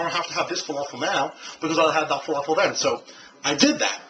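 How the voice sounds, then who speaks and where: Fast-talking man on a noisy camcorder. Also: on the high side. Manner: rambling, many fillers and restarts. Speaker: video blogger. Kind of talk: casual vlog monologue. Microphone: handheld camcorder mic.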